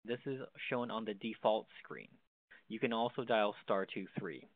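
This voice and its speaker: A man with a fairly low voice, speaking at a normal speed, guides viewers through the basic features of a desk phone in a simple step-by-step tutorial. The sound is dry, narrow like a phone, and echo-free.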